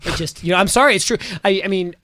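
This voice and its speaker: A man speaking as a panel guest, halting and apologetic with many restarts. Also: sits high, sharp tone, a little hiss or hum. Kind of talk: panel chat.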